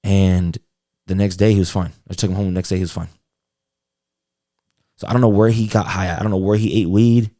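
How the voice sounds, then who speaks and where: A man's voice: deep voice, level tone, brisk, long pauses, dark tone, no room sound, studio quality. A young man co-hosting a podcast, telling a rambling story in slangy, profane casual chat full of fillers. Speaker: podcast co-host.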